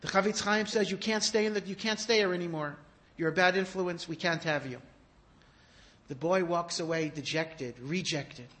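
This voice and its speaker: A man giving a sermon, telling stories in an animated way that rises to emphatic peaks. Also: high-pitched, moderate pace. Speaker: rabbi giving a talk. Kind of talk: storytelling sermon.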